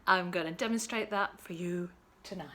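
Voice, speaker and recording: A woman's voice: on the low side, moderate pace, bright, forceful tone. A woman hosting a casual cocktail-making vlog at home, chatty and playful. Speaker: host.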